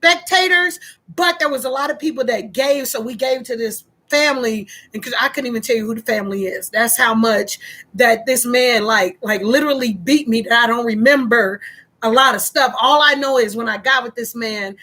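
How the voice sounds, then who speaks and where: A middle-aged woman telling a personal story in a vlog, speaking slowly and haltingly with many pauses and fillers. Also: fairly high pitch, sharp tone. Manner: emotional, fighting back tears. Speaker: vlogger.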